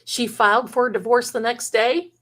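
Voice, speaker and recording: This psychic livestream host, of Italian heritage, talks at a normal speed in a slightly high, somewhat bright voice with fairly even intonation. She chats emphatically and tells stories to viewers, often lapsing into quoted voices.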